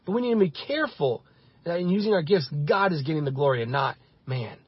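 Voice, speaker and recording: A man's voice: on the high side, animated, brisk, slightly rough, no echo, dull audio. A male pastor giving an impassioned sermon, building his points through repeated phrases.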